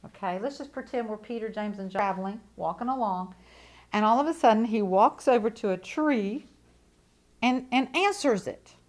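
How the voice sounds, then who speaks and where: A woman preaching a sermon with a fairly high voice. She is emphatic and repeats her points, swinging from loud declarations to hushed asides. Her delivery is conversational and folksy, full of rhetorical questions. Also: normal speed.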